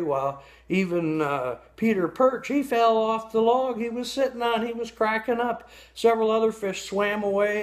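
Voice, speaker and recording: A man telling a folksy story, pausing to ask his listeners questions and explain things along the way. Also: on the high side. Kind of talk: storytelling for an audience.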